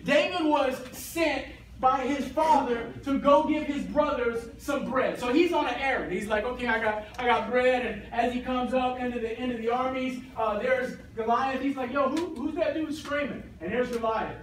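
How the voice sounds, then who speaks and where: Give me a man teaching a youth Bible class, recorded from a distance in an echoey church room with a faint hiss. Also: extremely high pitch. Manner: animated, slangy storytelling.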